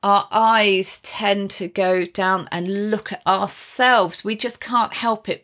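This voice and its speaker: A woman's voice: medium pitch, fairly bright tone. A woman presenting a friendly, explanatory lesson on video call skills, speaking casually to camera with small restarts and light laughs. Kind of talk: casual instructional talk to camera.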